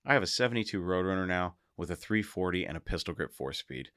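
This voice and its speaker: A man hosting his own podcast, talking casually and excitedly to his listeners and often laughing. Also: deep voice, fast, no room sound, studio quality. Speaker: podcast host. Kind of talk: casual solo podcast monologue.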